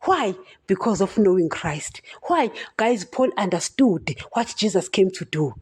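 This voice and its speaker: A woman's voice: mid-range voice, animated, unhurried, darkish tone, husky. A woman preaching on a podcast, impassioned and emphatic, who keeps calling out to her listeners as "guys". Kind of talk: podcast sermon.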